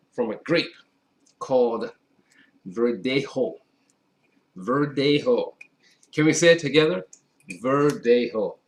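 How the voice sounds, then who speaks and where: A man hosting a casual on-camera wine tasting, talking to viewers directly in a chatty, upbeat way. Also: medium pitch. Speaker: wine reviewer.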